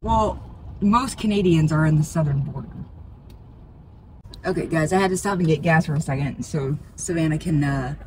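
A woman's voice: low-pitched, normal speed. A middle-aged mother with a Chicago accent, chatting and teasing her daughter from the car. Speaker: vlogger, mother. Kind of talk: casual car chat. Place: driving car. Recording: noisy car interior.

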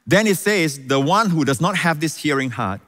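A man's voice: on the high side, expressive, normal speed, fairly bright tone. A man preaching a sermon as pastor, emphatic, repeating key phrases and often exclaiming praise. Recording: reverberant hall.

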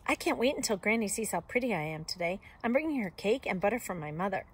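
A woman reading aloud and voicing a vain little girl in a red cape, high and preening. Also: expressive, fast, slightly rough.

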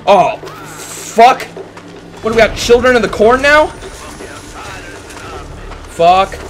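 A man playing a horror game on camera, talking through it with constant swearing and frightened shouts. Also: very high-pitched, lively intonation, unhurried, soft background music. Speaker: gaming YouTuber. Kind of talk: horror game playthrough commentary. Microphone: webcam setup with face cam.

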